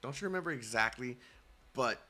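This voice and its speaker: A man's voice: mid-range voice, expressive, a little fast, sharp tone. A man voicing a brash, taunting male mercenary guard from a video game story, bossing prisoners around. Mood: sneering. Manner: taunting, bossy.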